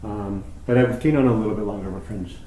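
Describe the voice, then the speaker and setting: Man, hairdresser, fast talker, chatty, roomy echo. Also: on the low side, a little hiss or hum. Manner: chatty, animated storyteller. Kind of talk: casual chat while cutting hair. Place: hair salon, indoors.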